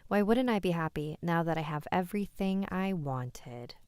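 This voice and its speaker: A woman's voice: on the low side, animated, normal speed, darkish tone, clear, resonant tone, dry recording. A woman hosting a live stream, reading listener-submitted scary stories aloud with chatty asides.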